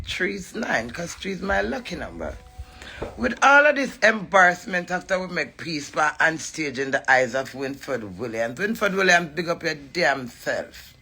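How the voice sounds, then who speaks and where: Brash, profane Jamaican woman with a gravelly, bright voice. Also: fairly low pitch. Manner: brash, profane, mocking, with sudden loud cries. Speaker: entertainer addressing a rival. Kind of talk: rambling taunting rant to camera.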